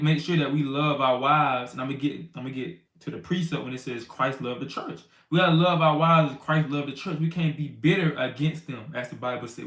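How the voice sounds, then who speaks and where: A man gives a relaxed Bible lesson in loose, everyday speech, his voice sitting a little high. The room around him rings with echo. Now and then he acts out arguments in a loud, raised voice. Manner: conversational, loose street talk with many "you know what I'm saying". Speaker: teacher of a congregation. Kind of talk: casual Bible teaching.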